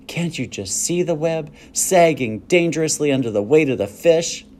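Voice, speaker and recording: A man's voice: lowish voice, very animated, moderate pace, darkish tone, slight background noise. A man reading aloud and voicing an imaginative young farm girl, earnest and eager as she tells her tales.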